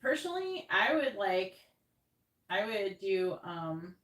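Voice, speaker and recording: A woman's voice: mid-range voice, sing-song, slow, fairly bright tone. A woman from New York hosting a livestream as a tarot reader, chatting casually and rambling, often laughing. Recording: roomy sound, distant from the mic.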